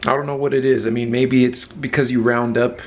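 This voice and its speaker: A YouTube host with a scratchy, just-woke-up voice chats casually in a check-in vlog, upbeat and laid-back as he celebrates hitting subscriber milestones. His mid-range voice stays fairly flat in pitch and runs a little fast.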